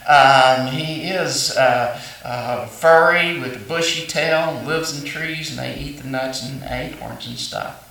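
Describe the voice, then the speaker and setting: A man's voice: mid-range voice, slow pace, vocal fry, bright, forceful tone. A male pastor preaching a sermon, folksy storytelling with fillers and restarts. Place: church sanctuary. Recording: echoey church hall, mic at a distance.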